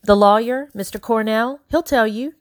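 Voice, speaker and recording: A woman's voice: on the high side, moderate pace, no echo, studio quality, voice pushed up, lightly acted. A woman reading an audiobook, voicing an earnest young girl who stays carefully polite. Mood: insistent. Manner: earnest, pleading, carefully proper. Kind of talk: audiobook character voice.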